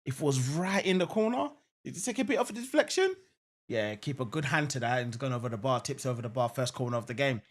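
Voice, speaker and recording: A young man hosting a live football watchalong, commentating on play and chatting casually with viewers, with lots of fillers and sudden excited outbursts. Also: medium pitch, fast. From England. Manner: casual, repeats phrases, lots of "um" and "I'm not gonna lie"; jumps to excited exclamations at near-misses. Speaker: live match watchalong host.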